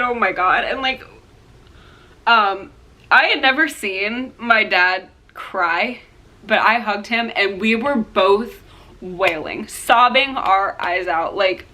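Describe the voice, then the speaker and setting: A young woman with a bright, clear-toned voice tells a personal story straight to the camera. She rambles and leans on "like" and "um". She acts out the other people's lines as she goes. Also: mid-range voice. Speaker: vlogger.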